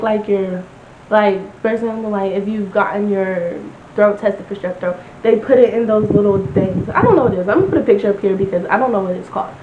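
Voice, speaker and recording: A young woman chatting casually on a storytime vlog, telling her story with lots of "like" and quoting people in animated bursts. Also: mid-range voice. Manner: chatty, lots of "like", animated retelling with quoted voices. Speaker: vlogger. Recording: roomy, slightly dull home recording with noise.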